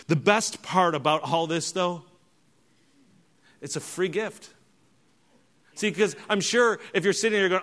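Man, sermon, rhetorical questions, bright tone. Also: measured pace, pauses often. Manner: preaching, swinging from hushed to loud and high; direct address to congregation, rhetorical questions. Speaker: pastor.

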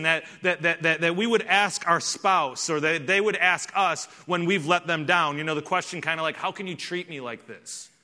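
Man, middle-aged pastor, conversational sermon, bright voice, fairly high pitch. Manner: conversational, animated, acts out quoted voices.

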